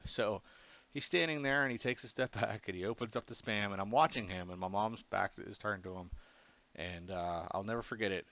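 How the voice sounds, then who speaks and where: Low-voiced man rambling through a story. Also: a little fast, fairly bright tone. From Pennsylvania, USA. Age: adult. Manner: rambling, filler-heavy, laughs at his own story. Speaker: comic artist vlogger. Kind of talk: casual storytelling. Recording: slightly dull, muffled audio.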